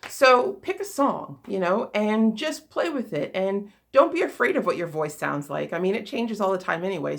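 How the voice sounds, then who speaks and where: A woman's voice: medium pitch, gravelly. A woman giving a casual spoken talk as a spiritual coach, rambling with many fillers and restarts, earnest and encouraging.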